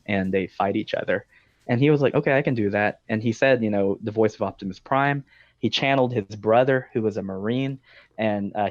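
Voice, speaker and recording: A man's voice: fairly low pitch, dry recording. A man hosting a podcast, telling long stories in a casual, talkative way with frequent ums and likes. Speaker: podcast host. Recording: dull dry lo-fi sound.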